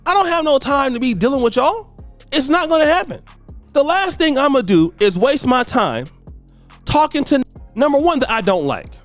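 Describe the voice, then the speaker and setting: A man's voice: extremely high pitch, sing-song, moderate pace, soft background music. A man hosting a celebrity gossip show, giving blunt, scolding commentary full of slang. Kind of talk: ranting commentary.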